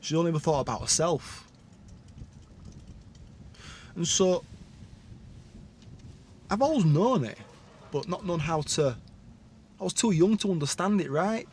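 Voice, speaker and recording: A man's voice: fairly high pitch, animated, unhurried, long pauses, a little mellow, a little hiss or hum. A man telling his own life story in a candid, rambling monologue, full of blunt asides and tag questions.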